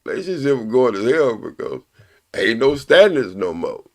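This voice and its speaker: An older man hosting a live stream, preaching bluntly and profanely, repeating his points slowly for emphasis. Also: medium pitch, big pitch swings, darkish tone. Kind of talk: casual live-stream commentary.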